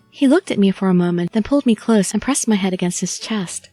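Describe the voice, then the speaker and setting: A woman's voice: mid-range voice, animated, fast talker, few pauses, warm tone, no room sound, faint music behind. A woman reading a first-person audiobook story expressively, as the channel host. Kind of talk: audiobook narration and chatty outro.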